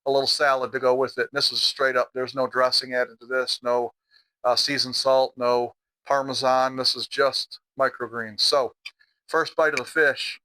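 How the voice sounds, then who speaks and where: A man's voice: medium pitch, flat delivery, moderate pace, pushed and bright, poor audio. A middle-aged man with a Midwestern American accent, chatting casually on his home vlog while he eats dinner and sometimes talks with his mouth full. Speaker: outdoor vlogger.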